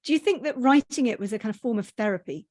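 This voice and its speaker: A woman's voice: fairly high pitch, lively intonation, fast, darkish tone, no echo, studio quality. A woman interviewing an author, friendly and full of praise, often laughing between questions. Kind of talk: conversational interview.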